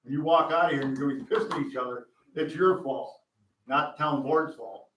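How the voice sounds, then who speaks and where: A man's voice: medium pitch, brisk, a little hiss or hum. A man, a veteran, speaking bluntly at a town board meeting. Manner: blunt, forceful. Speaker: resident and veteran. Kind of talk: impassioned public comment. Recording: echoey hall, from far off.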